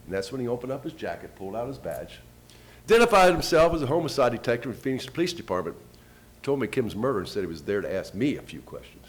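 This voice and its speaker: A man giving a first-person storytelling talk, retelling events with quoted dialogue and lively shifts in pitch and loudness. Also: quick pace. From United States. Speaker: invited speaker.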